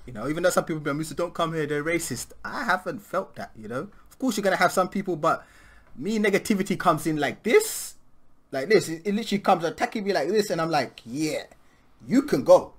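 A man's voice: a little high, animated, fast, fairly bright tone. A man hosting a reaction video, talking in slangy, laughing banter. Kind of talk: casual reaction commentary.

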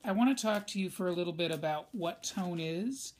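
A high-voiced male teacher talks fairly quickly in a recorded lesson, keeping it conversational and speaking directly to his students.

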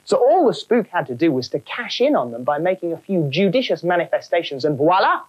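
Woman reading a kids story, low voice but really lively, wry. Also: a little fast, muffled recording. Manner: wry, animated. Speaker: narrator. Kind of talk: storybook narration.

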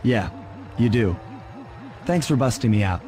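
A man doing a smooth-talking raccoon thief from a video game, cool and sure of himself. His voice swings lively up and down as he reassures his friends over game music. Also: medium pitch, unhurried, lightly acted. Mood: wry. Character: suave confident male raccoon master thief.

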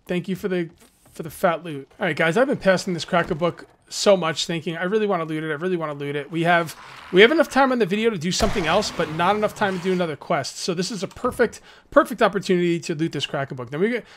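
A man's voice: high voice, fast, a little hiss or hum. A man hosting a let's play, giving casual gameplay commentary and taunting enemies as he goes. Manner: excitable, jokey, taunts enemies.

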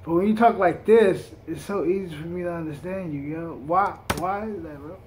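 A man's voice: sits high, moderate pace, darkish tone, a little hiss or hum. A man hosting a reaction video, chatting casually in heavy street slang with a laid-back drawl.

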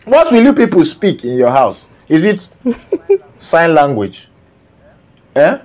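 A man's voice: fairly high pitch, very animated, a little slow, pauses often, a little mellow. A Nigerian man delivering a comedic reaction rant, scolding and often breaking into laughter. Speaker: comedian commentator.

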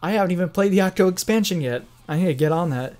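An excitable host reacts live to a game showcase, swinging between loud exclamations and flat, dismissive asides. The talk is casual and unfiltered, with plenty of swearing, at a middle pitch, with faint music playing behind. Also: fast talker.

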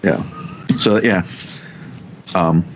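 Guy on a podcast telling spooky stories, lowish voice, stops and restarts a lot, dull lo-fi sound. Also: steady tone, slight background noise. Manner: halting, restarts often, acts out what people said. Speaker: podcast guest. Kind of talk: casual chat, telling ghost stories.

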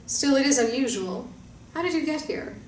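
Woman doing a giant male guardian creature, deep and booming, slow and proud, roomy echo, faint hiss. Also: lively intonation, a little mellow, recorded from a distance. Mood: calm proud.

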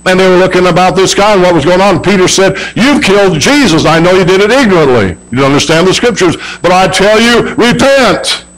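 Guy preaching sunday sermon, kinda high voice, folksy, does little voices for people. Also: expressive, quick pace, few pauses, rough recording. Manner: folksy, acts out quoted voices. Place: church service.

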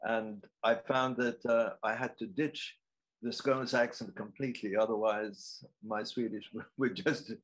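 A man's voice: fairly low pitch, fairly even intonation, measured pace, low-quality recording. Male audience member, hesitant and musing, online Q&A. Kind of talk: asking a question.

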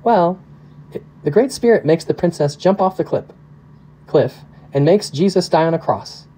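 A man's voice: lively intonation, normal speed, dark tone, slightly rough, low-quality recording. A man reading aloud, voicing a six-year-old girl in a storybook with a small, questioning voice. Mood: worried. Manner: small questioning voice, raised pitch. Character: little girl, six, anxious and curious.

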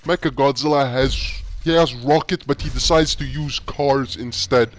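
A man hosting a reaction channel, giving excitable commentary and talking straight at the screen. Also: medium pitch, moderate pace. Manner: excitable, talks to the screen with "yo" and "bro".

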